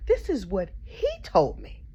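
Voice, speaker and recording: Animated, sassy woman telling gossip. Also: on the low side, measured pace, slightly rough. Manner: sassy, chatty asides and mock outrage. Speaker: storyteller. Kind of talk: comedic gossip storytelling. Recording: slightly dull lo-fi audio.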